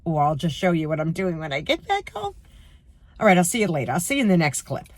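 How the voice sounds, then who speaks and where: A woman's voice: lowish voice, big pitch swings, fast, dry recording. Middle-aged woman, New York accent, stuffy with a cold; opinionated, chatty vlogger talking to her fans. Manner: opinionated, chatty, talks to viewers as friends. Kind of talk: casual chatty vlog.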